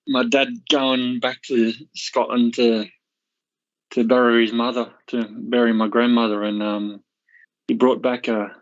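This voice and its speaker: A man calling in to a radio phone-in, reminiscing in a rambling way with many restarts over dull lo-fi audio. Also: mid-range voice. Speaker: caller. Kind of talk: casual chat.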